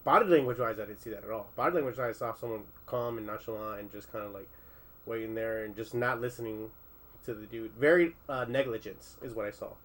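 A man's voice: lowish voice, fast, a bit bright, poor audio. A man in a casual conversation, thinking aloud with many restarts, fillers and some swearing. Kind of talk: casual discussion.

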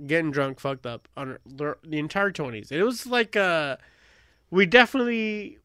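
Bright casual man telling stories. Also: on the high side, normal speed, clean tone, no echo, studio quality. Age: 30s. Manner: animated, swearing, acts out quotes. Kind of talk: casual storytelling chat.

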